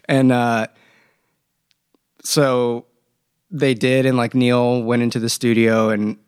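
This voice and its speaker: A man's voice: mid-range voice, flat delivery, takes it slowly, smooth, dry recording, clean studio sound. A man hosting a casual band podcast, telling music history in a rambling way and laughing often. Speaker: band member podcast host. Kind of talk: casual chat.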